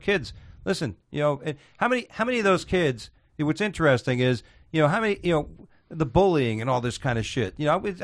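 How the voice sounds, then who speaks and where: A man ranting in heated casual conversation, swearing often and restarting his sentences. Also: a little high. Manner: ranting, profane, many restarts.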